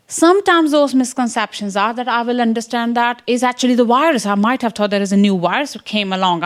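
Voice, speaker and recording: A woman with an Indian English accent walks a room through her research. Her pitch sits in an ordinary middle range, and she keeps checking that listeners follow. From English Midlands. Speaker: science education researcher. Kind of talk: academic talk with slides.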